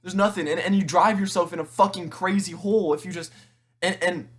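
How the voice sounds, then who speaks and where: A teenage man in an emotional monologue to camera, tearful and halting, rambling with frequent restarts and swearing. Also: high-pitched, steady tone, husky. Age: teens. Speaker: vlogger.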